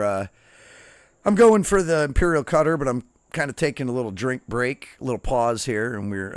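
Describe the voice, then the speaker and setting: A man's voice: mid-range voice, no echo. Middle-aged male streamer, casual raconteur, swears freely, dry studio sound. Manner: profane, animated anecdotes with quoted dialogue. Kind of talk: casual storytelling while gaming.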